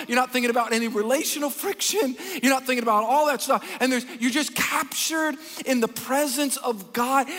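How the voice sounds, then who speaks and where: High-voiced animated man preaching in a hall. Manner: animated, folksy, acts out Bible characters. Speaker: pastor. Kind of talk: sermon. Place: large church hall. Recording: long reverb of a church hall.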